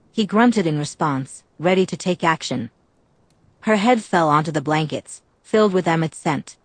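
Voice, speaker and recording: Low-voiced woman narrating an audiobook. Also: animated, normal speed, no room sound.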